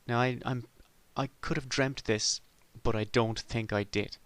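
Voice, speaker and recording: A man's voice: mid-range voice, fairly even intonation, a little slow, dry recording. A middle-aged man from Ireland delivering a sardonic, rambling comic monologue as a podcast host.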